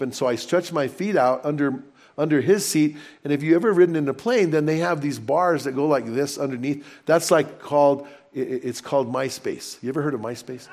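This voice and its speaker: A man preaching a sermon in a conversational, storytelling way with animated asides. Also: fairly high pitch. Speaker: pastor.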